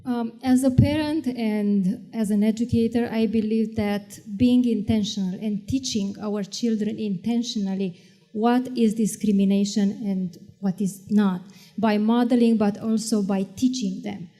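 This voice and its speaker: Mellow-voiced woman speaking thoughtfully. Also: mid-range voice, steady tone, big-room sound. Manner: measured, thoughtful with frequent fillers. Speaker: panelist, parent and educator. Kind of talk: panel discussion.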